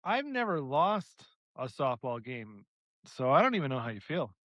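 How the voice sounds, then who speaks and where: A man's voice: mid-range voice, big pitch swings, moderate pace, fairly bright tone, no room sound, highs cut off. A young man co-hosting a podcast, telling a rambling story in casual chat and laughing often. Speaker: podcast co-host.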